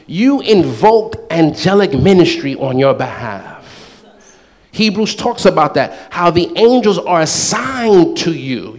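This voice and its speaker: High-voiced preacher man. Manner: animated, playful, acts out quoted voices with laughter. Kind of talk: sermon.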